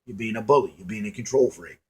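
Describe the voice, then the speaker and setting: Here a fast-talking man with a fairly low, husky voice gives his viewers a preachy motivational talk. The online commentator keeps it folksy and emphatic, repeating himself and asking questions he doesn't expect answered.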